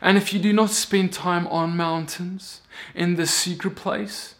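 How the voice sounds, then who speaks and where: A man giving a casual, earnest sermon who climbs from quiet talk to loud, impassioned stretches, often restarting his phrases. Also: high-pitched, steady tone, unhurried. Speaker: teacher of the weekly Torah portion.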